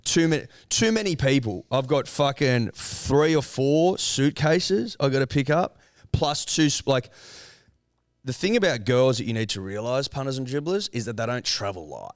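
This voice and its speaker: A man's voice: medium pitch, moderate pace, no echo, clean studio sound. A young Australian man, a podcast co-host, telling a rambling story in casual chat, swearing freely and acting out what people said. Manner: animated swearing storyteller, acts out quotes.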